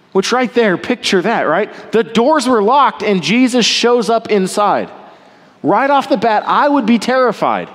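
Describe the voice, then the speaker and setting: A man delivers a sermon in an unhurried, measured way, his voice sitting high. He swings between loud, emphatic peaks and quiet, tender lows. A long reverb trails each phrase, as in a large hall. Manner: animated, rising and falling between loud emphasis and quiet softness. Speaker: pastor.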